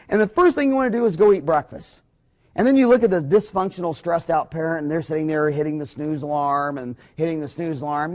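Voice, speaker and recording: A man, a dentist delivering a rambling, impassioned business talk in a folksy way, often breaking into loud, excited bursts. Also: high voice.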